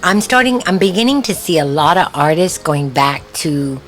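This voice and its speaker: A woman's voice: deep voice, animated, soft background music. A woman co-hosting a call-in radio show, speaking in an emphatic, casual way. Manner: slow, emphatic, laughs often.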